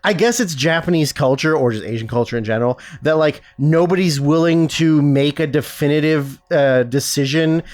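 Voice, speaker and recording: A man's voice: fairly high pitch, moderate pace, hardly any pauses, darkish tone. A man co-hosting a casual film podcast, reading out trivia with dry jokey asides. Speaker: podcast co-host.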